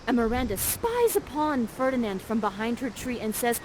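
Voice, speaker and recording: A woman's voice: on the high side, big pitch swings, normal speed, hardly any pauses, background noise. A woman guiding players through an interactive play, upbeat and teasing, speaking into a headset mic. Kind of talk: playful stage direction.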